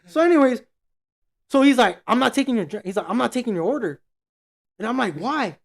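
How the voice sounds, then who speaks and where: A man's voice: extremely high pitch, lively intonation, fairly quick, gravelly. A man co-hosting a podcast, telling a story in casual, profane slang and acting out what everyone said. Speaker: podcast co-host.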